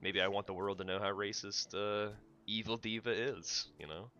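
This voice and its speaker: A man's voice: on the low side, fairly even intonation, normal speed, pushed and bright, dull audio, a little hiss or hum. An American man livestreaming a game, chatting casually and teasing his co-host in joking banter. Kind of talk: casual chat while gaming.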